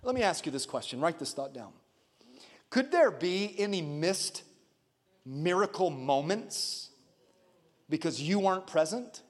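A male pastor preaching a lively sermon, calling on the congregation for responses. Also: on the high side, unhurried, long pauses. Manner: animated preaching with call-and-response. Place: church sanctuary. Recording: long church hall reverb.

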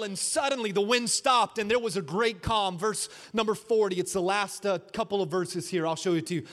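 Man, pastor, sermon, high voice, shouts then hushed asides, rhythmic repetition, hall reverb. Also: brisk, hardly any pauses. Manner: dramatic preaching, swinging from shouts to hushed asides.

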